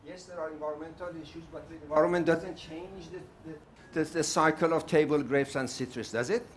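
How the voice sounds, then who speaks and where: A man's voice: a little high, brisk, crowd noise. An older man from South Africa speaking at a summit panel, outspoken and emphatic, repeating his points for force. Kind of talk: impassioned summit speech.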